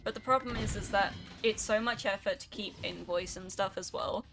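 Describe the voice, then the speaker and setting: A woman's voice: mid-range voice, moderate pace, fairly bright tone, faint music behind. A young woman, chatting casually and swearing now and then while she streams a video game. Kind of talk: casual rambling while gaming.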